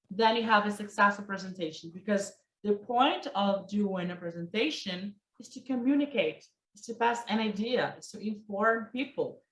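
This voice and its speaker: Workshop presenter, woman, mid-pitched, animated and direct, in a roomy space. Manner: lively, speaks to her listeners directly, acts out examples. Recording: echoey room.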